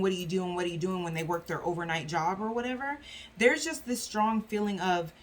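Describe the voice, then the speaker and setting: A woman's voice: lowish voice, slight background noise. Chatty woman doing a tarot reading. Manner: chatty, filler-heavy, acts out voices of spirit and clients. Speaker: tarot reader. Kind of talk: casual tarot reading monologue.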